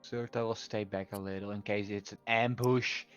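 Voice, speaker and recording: A man playing a tabletop game, relaxed, describing his character in the third person. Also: lowish voice, normal speed, clean tone, highs cut off, faint music behind. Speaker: player. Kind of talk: casual tabletop play.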